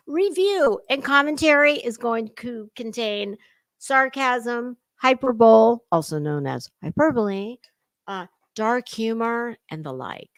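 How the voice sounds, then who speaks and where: Sarcastic middle-aged woman commentator, mocking and profane; fairly high voice, dry close sound. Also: a bit bright, dry recording. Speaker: commentary host.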